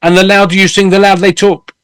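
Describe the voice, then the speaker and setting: A man's voice: sits high, fast, smooth, no room sound. Candid man in his fifties. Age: 50s. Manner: candid, animated storytelling with swearing. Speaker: host and singer. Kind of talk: casual interview chat.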